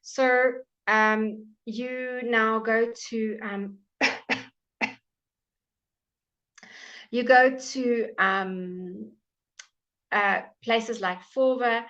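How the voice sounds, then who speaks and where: English woman, pronunciation tutor, unhurried delivery, muffled lo-fi stream audio. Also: on the high side, fairly bright tone. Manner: slow, patient, drawing out example words for repetition. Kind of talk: live online language lesson.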